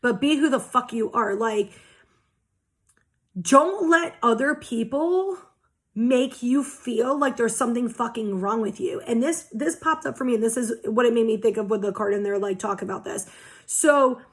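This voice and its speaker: A woman's voice: a little high, a little slow. A young woman giving a casual oracle card reading, talking passionately and bluntly with lots of swearing. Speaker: tarot reader.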